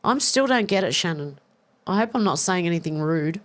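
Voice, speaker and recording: A woman's voice: lowish voice, animated, fairly quick. A woman hosting a casual live stream, chatty and self-deprecating, reading viewer comments aloud and answering them with frequent laughter. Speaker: livestream news host reading viewer comments.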